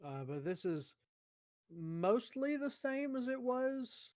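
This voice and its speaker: A man's voice: extremely high pitch, sing-song, takes it slowly, a little mellow, no room sound, studio quality. A man chatting casually on a podcast about his own writing, rambling, with fillers and self-corrections.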